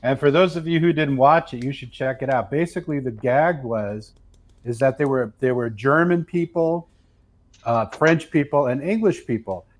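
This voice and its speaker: A man's voice: medium pitch, moderate pace. A man in casual live-stream chat, telling stories and explaining things at length with enthusiasm.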